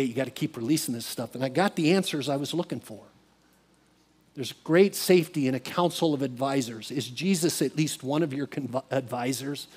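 A man's voice: fairly high pitch, darkish tone, breathy edge. A man preaching a sermon in an earnest, confessional way, acting out his own conversations with God and with a mentor. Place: church.

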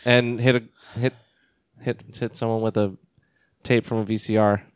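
A man's voice: on the low side, level tone, moderate pace, smooth, no echo. A man co-hosting a casual podcast, laughing often and swearing freely as he acts out stories. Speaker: podcast co-host. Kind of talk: casual chat.

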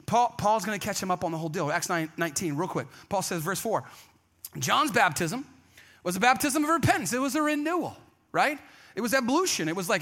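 A pastor delivering a sermon with a high, bright voice. He tells the story casually and with energy, often slipping into quick put-on voices for the people he quotes. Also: expressive. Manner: conversational, acts out quoted voices.

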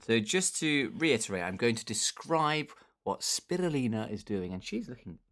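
A man hosting an improvised comedy bit, playful and giggly with a deadpan edge. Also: mid-range voice, normal speed. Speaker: comedy podcast host.

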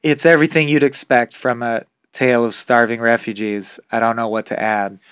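A man's voice: medium pitch, fairly even intonation, moderate pace, a bit bright, clear, resonant tone, dry recording. A man co-hosting a podcast in casual chat, telling stories with dry, wry humor into a studio microphone. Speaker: podcast co-host.

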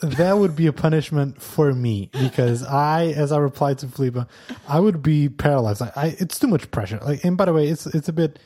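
A man's voice: a little high, brisk, warm tone. A man hosting a weekly podcast, chatting casually with a co-host, laughing often and restarting his sentences.

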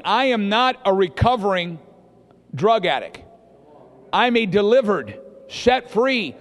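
A man preaching a lively sermon to his congregation, acting out the voices he quotes and often quizzing the listeners. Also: high-pitched. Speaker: pastor. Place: church hall with long reverb. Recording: long hall reverb in a church.

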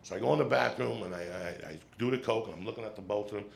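A middle-aged man doing stand-up, telling a long story in a profane, animated way and checking in with the crowd with quick "right?" asides. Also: on the low side, slight background noise. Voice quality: gravelly. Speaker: stand-up comedian. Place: comedy stage with audience.

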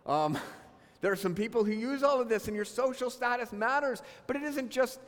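Animated male pastor with a high voice, preaching in a church hall with long reverb. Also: moderate pace. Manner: animated, acts out voices of God and listeners. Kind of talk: sermon. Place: church sanctuary.

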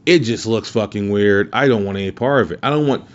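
Podcast guy, kinda low voice, swears a lot, rambles and restarts, muffled audio. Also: fairly quick. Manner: profane, rambling, lots of restarts. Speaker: podcast host. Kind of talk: casual podcast storytelling. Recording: muffled lo-fi recording.

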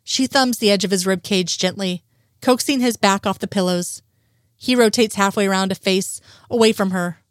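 Story reader, woman, mid pitch, dry recording, steady telling. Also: moderate pace, no room sound. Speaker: narrator. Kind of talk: reading fan fiction aloud.

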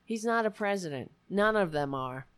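A woman's voice: medium pitch, lively intonation, normal speed, clean tone. A woman ranting sarcastically on a livestream, hurling repeated insults. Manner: angry, sarcastic, repetitive insults. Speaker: livestream commentator. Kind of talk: ranting live commentary.

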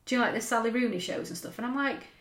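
A woman's voice: a little high, rapid-fire, a bit bright. A woman telling stories in a casual chat as podcast co-host, laughing often. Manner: laughing, chatty storytelling with dialect. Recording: roomy echo.

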